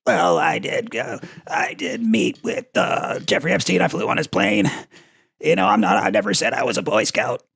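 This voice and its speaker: A man putting on the voice of a strained older male politician, halting and hesitant, with a raspy gravelly tone. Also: sits high, sing-song, fairly bright tone, no echo, studio quality, heavily acted. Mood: evasive.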